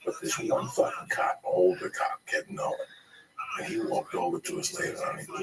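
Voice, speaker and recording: A man's voice: fairly low pitch, wildly swooping pitch, fairly quick, over a noisy crowd. A man telling rambling, profane street stories in a casual group conversation. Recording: distant mic with clear background noise.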